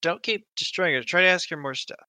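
Guy game master rambling through a tabletop scene, bright sharp voice, dry. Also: a little high, fast, dry recording, low-quality recording. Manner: loose, chatty, full of fillers.

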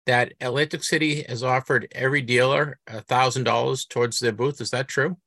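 A middle-aged man with a Boston accent, hosting a relaxed chat. His voice is bright and forward, recorded dry and close. He stumbles and restarts as he asks his questions. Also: medium pitch, no room sound. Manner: halting, restarts often, chatty. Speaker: podcast host. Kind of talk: casual interview chat.

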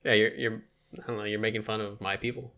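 A man's voice: fairly low pitch, flat delivery, quick pace, fairly bright tone. A man co-hosting a podcast in casual chat, joking and laughing often. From Irish heritage. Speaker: podcast co-host.

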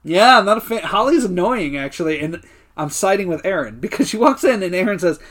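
A man's voice: high-pitched, fairly quick. A man co-hosting a podcast in casual chat, animatedly retelling scenes and acting out the characters' lines. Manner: animated retelling, acts out quotes, swears freely. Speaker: podcast co-host.

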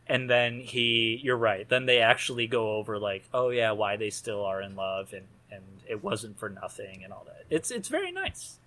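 A man co-hosting a casual movie podcast talks through scenes in a fairly low, sing-song voice at normal speed, pushed and bright, with hardly any pauses. He rambles and jokes, laughing at his own lines.

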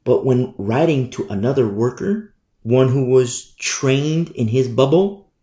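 Man, pastor, expository sermon, lively pitch, rhetorical questions, echoey room. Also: measured pace. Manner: animated, repeats phrases, asks rhetorical questions. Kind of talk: expository Bible teaching sermon.

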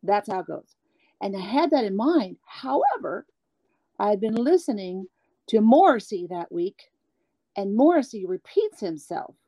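A woman being interviewed as a guest singer, talking candidly and at length, animated, acting out the people she quotes. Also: mid-range voice, measured pace, no room sound. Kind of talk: candid storytelling chat.

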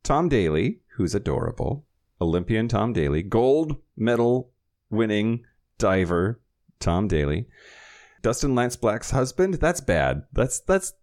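A man with a deep, low-pitched voice runs through the week's news on a podcast. He keeps it conversational, pausing for wry side comments and quick laughs. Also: sing-song, darkish tone. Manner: reads news items with wry asides and laughs. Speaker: podcast host. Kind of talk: casual news rundown.

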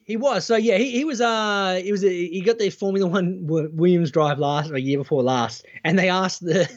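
A man's voice: sits high, moderate pace, dull audio. A man, co-hosting a podcast in casual chat, joking and often restarting his sentences. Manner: animated, joking, restarts a lot. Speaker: podcast co-host.

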